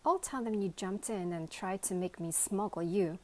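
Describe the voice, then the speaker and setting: A woman's voice: mid-range voice, moderate pace, lightly acted. Casting: a fussy, nervous tin lunchbox played by a woman, raised voice. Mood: indignant. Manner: quavering, flustered. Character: anxious fussy female lunchbox.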